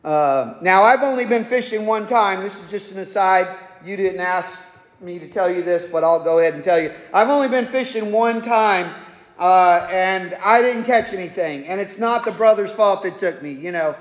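A man's voice: high-pitched, normal speed. A man preaching a sermon to his congregation as their pastor, folksy and jokey in his asides. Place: church sanctuary. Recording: echoey hall.

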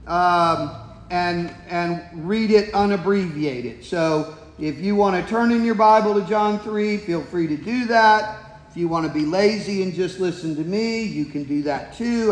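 A man's voice: sits high, measured pace. A man preaching a casual, folksy sermon and reading scripture aloud, often asking his listeners questions. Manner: folksy, conversational, asks the congregation questions. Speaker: pastor. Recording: echoey hall with long reverb.

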